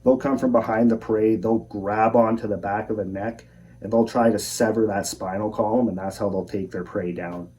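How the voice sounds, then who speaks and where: A young man calmly telling his own outdoor encounter story in a measured, plain-spoken way. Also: on the low side, slight background noise. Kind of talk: first-person encounter storytelling. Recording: voice a bit far from the mic.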